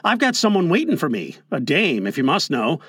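Man voicing a grudging gold prospector, blunt, high voice, dry audiobook sound. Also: huge pitch swings, brisk, a bit bright, husky, dry recording, exaggerated voice. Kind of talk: multi-voice audiobook reading.

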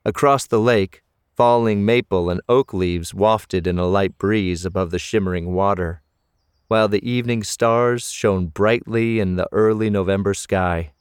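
Low-voiced man narrating a story. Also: clean tone, no echo, clean studio sound. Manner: measured storytelling. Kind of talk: audiobook narration.

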